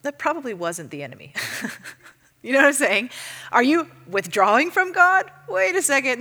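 A woman teaching a church audience in a casual, chatty way, full of fillers and lively storytelling. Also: mid-range voice. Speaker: ministry teacher. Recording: long reverb of a hall.

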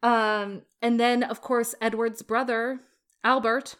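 A woman's voice: fairly high pitch, flat delivery, slow, a bit bright, clean tone. A woman co-hosting a podcast, recounting history in a chatty storytelling way with playful asides. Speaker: podcast co-host. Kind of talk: casual history chat.

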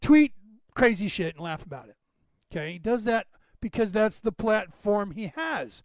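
Podcast host, male, high-pitched, emphatic and chatty, dry unechoing room. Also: very animated, moderate pace, no room sound. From Northern California. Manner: rambling, emphatic, addresses listeners by name. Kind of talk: casual monologue to listeners.

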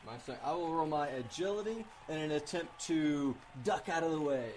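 A man playing a tabletop game, describing his moves in a playful, halting way. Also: fairly high pitch, a little mellow, slight background noise. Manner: hesitant, playful. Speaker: player.

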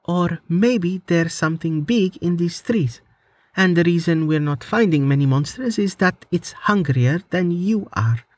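Man doing a young woman mage, high and matter-of-fact, audiobook, dry close sound. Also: expressive, unhurried, no room sound.

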